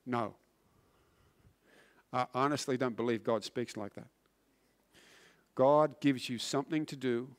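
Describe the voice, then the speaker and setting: A man preaching a sermon, earnest and emphatic, often restarting words and swinging from loud to hushed. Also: medium pitch, a little slow, pauses often. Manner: frequent word restarts.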